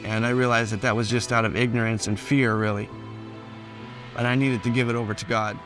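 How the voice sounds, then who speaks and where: A man's voice: mid-range voice, flat delivery, fairly quick. A man speaking in a documentary interview about his father's kidnapping, in a reflective, plain-spoken way with some hesitations. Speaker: son of a hostage. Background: faint music.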